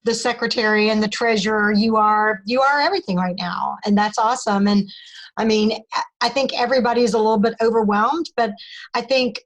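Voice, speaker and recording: A woman's voice: a little high, fairly even intonation, fairly quick, low-quality recording. A woman leading a team call, talking in an upbeat, encouraging, rambling way while losing her voice.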